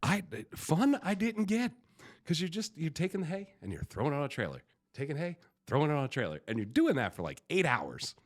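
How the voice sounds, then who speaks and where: A man's voice: on the high side, very animated, brisk. A man hosting a podcast, telling a story in a casual, jokey chat.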